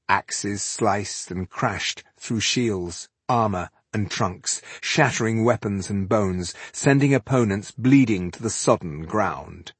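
A man reading a fantasy audiobook as narrator, with measured, dramatic storytelling. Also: lowish voice, breathy edge, no room sound. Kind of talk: scripted narration.

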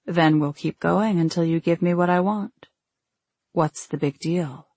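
A woman's voice: on the low side, unhurried, darkish tone, slightly rough, no echo. Woman reading a cold, controlling husband. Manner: curt, cold and condescending.

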